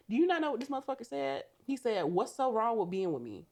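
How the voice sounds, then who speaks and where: A woman's voice: fairly high pitch, very animated, quick pace, gravelly, a little mellow. A woman co-hosting a podcast, animatedly recapping a movie in casual chat, swearing and laughing often. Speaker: podcast co-host.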